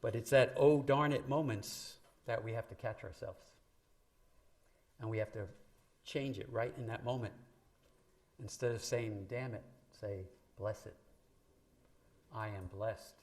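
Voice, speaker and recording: A man's voice: on the low side, steady tone, a little slow, long pauses, darkish tone. A man preaching a sermon in a church, talking conversationally to the congregation and lifting his voice when he quotes scripture. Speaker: minister. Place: church sanctuary.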